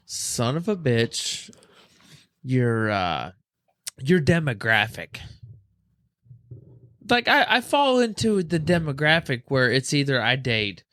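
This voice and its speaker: A man in his thirties, a podcast guest a few beers deep, chatting in an animated, rambling way. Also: dry recording, studio quality. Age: 30s. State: tipsy from beer. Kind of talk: casual chat.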